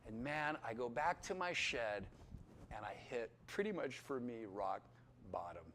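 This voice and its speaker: A man giving a personal testimony, telling his story with animated delivery and acting out the voices in it. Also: mid-range voice, measured pace, slight background noise. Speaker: testimony speaker.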